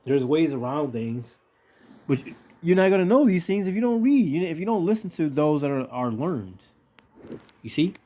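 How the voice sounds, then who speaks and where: A man's voice: fairly high pitch, big pitch swings, moderate pace, mellow. A man teaching from the Bible in a casual, blunt way, reading verses aloud, swearing freely, and asking rhetorical questions. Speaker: preacher teaching scripture.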